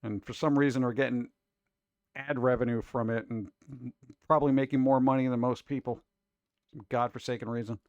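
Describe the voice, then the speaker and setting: A man's voice: mid-range voice, steady tone, a little fast, pauses often, darkish tone, dry recording, highs cut off. A man hosting a casual reaction show about food videos, talking in an exasperated, wisecracking way.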